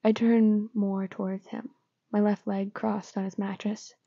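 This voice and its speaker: A woman narrating a story in a soft, partly whispered, calm way. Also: medium pitch, measured pace, gravelly, slightly rough, dry recording, dull audio. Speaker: story reader.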